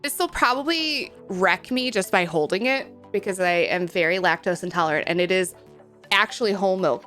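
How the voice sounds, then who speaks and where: A woman's voice: medium pitch, normal speed, fairly bright tone, faint music behind. A young adult woman streaming live, chatting casually and bubbly, reading chat and using cutesy slang.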